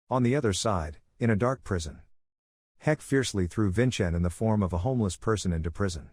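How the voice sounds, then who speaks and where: A man narrates a comic story recap at a steady pace. His voice sits fairly low. The recording is dry and close, with no room sound. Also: normal speed, husky, no echo.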